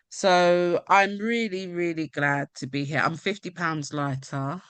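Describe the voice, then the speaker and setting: A woman speaking slowly on a video call at the launch of her own book. She is emotional and halting and laughs now and then. The sound is dry and close. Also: lowish voice, a bit bright, smooth, no echo. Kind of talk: casual video call chat.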